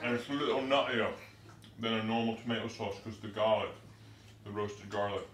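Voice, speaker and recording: This cooking show host talks briskly in a lowish, a bit bright voice with little pitch movement. Hamming it up in a put-on comic accent, he gives chatty step-by-step instructions in his echoey, noisy kitchen, where pans sizzle and clatter.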